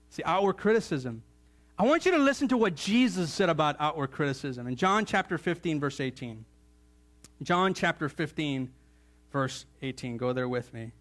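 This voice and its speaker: Man, pastor, church sermon, lively preaching, somewhat high-pitched, playful asides. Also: a little slow, long pauses. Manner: animated preaching with joking asides, jumps to a higher, louder voice for emphasis.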